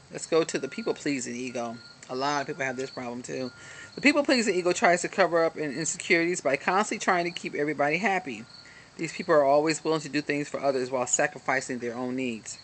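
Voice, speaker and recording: A woman's voice: low voice, fast, slight background noise. A woman giving an earnest, encouraging self-help talk to a hand-held camera. She reads from a book with lots of ums and little asides. Faint crickets chirp in the background. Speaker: motivational self-help speaker. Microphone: self-filmed, camera held in hand at arm's length.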